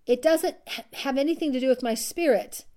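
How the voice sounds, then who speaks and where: A woman's voice: high-pitched, fairly quick, warm tone. A woman coach giving an earnest, repetitive self-help talk to her listeners, often laughing at herself.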